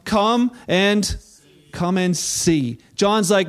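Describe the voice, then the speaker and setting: A middle-aged male pastor preaching a sermon, earnest, rising to impassioned peaks and then dropping soft and low. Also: steady tone, moderate pace.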